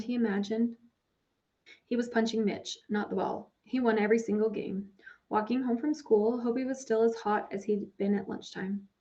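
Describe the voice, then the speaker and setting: A woman narrating a children's novel in a measured storytelling manner. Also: on the high side, a little mellow. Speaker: audiobook narrator. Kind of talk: scripted narration. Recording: dull lo-fi recording.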